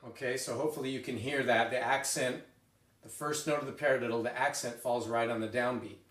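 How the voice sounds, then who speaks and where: A man's voice: medium pitch, fairly quick, far from the mic. Man teaching drums in a roomy space. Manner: relaxed explaining with fillers and restarts. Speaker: drum teacher. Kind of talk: spoken music lesson with demonstrations. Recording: roomy, mic set back. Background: drums and metronome.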